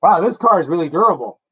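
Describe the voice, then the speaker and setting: A man's voice: fairly high pitch, expressive, normal speed, pushed and bright, breathy edge, highs cut off. A man chatting casually while unboxing a collectible toy car, self-mocking and laughing at himself.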